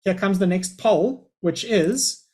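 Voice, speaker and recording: A man's voice: sits high, takes it slowly, darkish tone. A middle-aged man, a school principal, giving a chatty, upbeat live webinar presentation over a video call.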